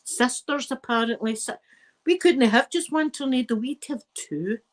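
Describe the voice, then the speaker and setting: A Scottish woman hosting a casual live stream, chatting to her viewers in a rambling, lively way with plenty of asides. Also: fairly high pitch, normal speed, rough recording. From Scotland.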